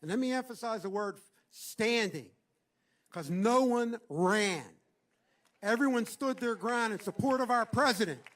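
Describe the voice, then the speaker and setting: Man, middle-aged, very high-pitched, rousing rally speech, shouted chants, outdoor stage mic. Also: expressive, measured pace. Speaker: rally speaker.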